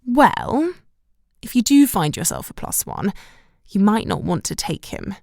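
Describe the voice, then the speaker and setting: A woman's voice: mid-range voice, very animated, a little slow, vocal fry, darkish tone, dry recording, studio quality, heavily acted. A woman reading the part of a bitter, disapproving middle-aged mother in an audiobook, clipped and reproachful. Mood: tart.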